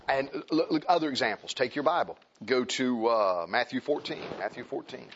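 A man preaching a sermon in an emphatic, animated way, calling out to the congregation. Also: mid-range voice, normal speed, few pauses, highs cut off, a little hiss or hum.

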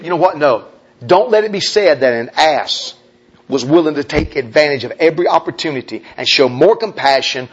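A male preacher telling a personal story in a sermon, swinging between hushed confiding tones and loud urgent appeals. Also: on the high side, very animated, normal speed, breathy edge. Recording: dull lo-fi recording.

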